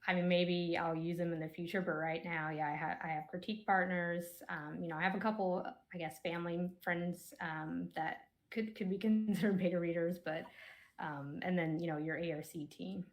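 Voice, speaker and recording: Woman, guest author, slightly low pitch, hesitant, lots of fillers, video call. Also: fairly even intonation, moderate pace. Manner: hesitant, many fillers and restarts, laughs lightly. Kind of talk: casual panel discussion.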